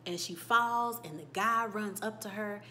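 A woman hosting a casual show recap, telling it in an animated way that swings from loud bursts to hushed whispers and reacts emotionally. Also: mid-range voice, unhurried, slight background noise. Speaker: YouTube TV recap host.

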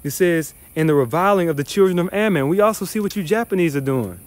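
Brief: male scripture teacher, slightly high voice, profane and scornful, reads verses then rants. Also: expressive, quick pace. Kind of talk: heated bible teaching.

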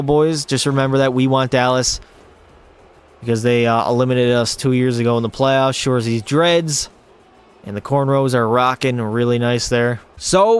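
A man's voice: on the high side, clean tone. A man streaming a hockey video game, calling the plays and chatting with his viewers. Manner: excitable play-by-play, talks to chat. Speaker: gaming streamer. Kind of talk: live gameplay commentary. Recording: faint music behind the voice.

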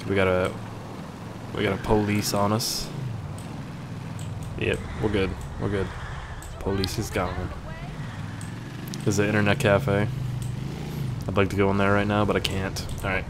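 A man's voice: fairly low pitch, little pitch movement, unhurried, long pauses, noisy background. A man giving casual gameplay commentary, rambling with crude jokes. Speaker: gaming YouTuber.

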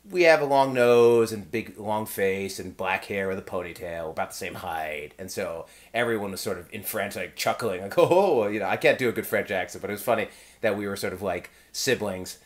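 Excitable male game designer, casual vlog ramble, very animated intonation. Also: on the low side, fairly quick. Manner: excited, rambling, with restarts and laughs.

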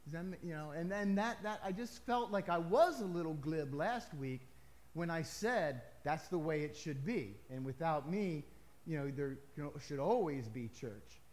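A man's voice: fairly high pitch, expressive, moderate pace, darkish tone. A male pastor preaching a sermon to his congregation in a conversational way, with emphatic rises and casual asides.

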